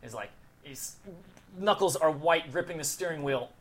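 A man improvising a story in a tabletop game, talking haltingly with many restarts. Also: fairly high pitch. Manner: halting, full of restarts and fillers. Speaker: player.

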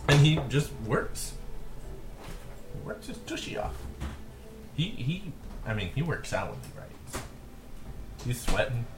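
A man's voice: mid-range voice, wildly swooping pitch, takes it slowly, pauses often, over music. A man playing a tabletop game, narrating his character with jokes.

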